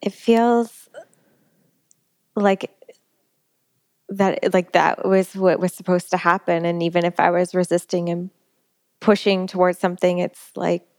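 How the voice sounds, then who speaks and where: A woman guest on a podcast, speaking in a hesitant, soft and reflective way. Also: fairly low pitch, steady tone, unhurried, long pauses, dry recording, studio quality. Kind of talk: casual conversational interview.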